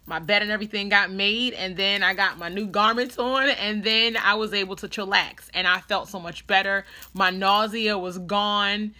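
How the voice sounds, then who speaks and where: A young adult woman telling a story in a casual vlog, animated and dramatic as she acts out what people said. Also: mid-range voice, moderate pace, few pauses. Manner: animated, dramatic retelling with quoted voices. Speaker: vlogger.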